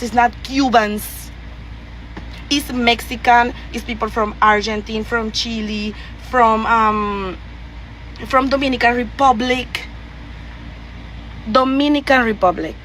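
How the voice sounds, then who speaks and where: A woman's voice: fairly high pitch, fairly even intonation, takes it slowly, pauses often, fairly bright tone, slight background noise, poor audio. A woman with a Venezuelan Spanish accent tells a heated, profane story with many fillers and restarts. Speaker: guest telling a story.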